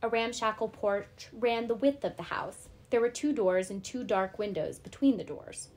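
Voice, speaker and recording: A woman teacher reading a novel aloud to her class, steady and clear. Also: on the high side, moderate pace.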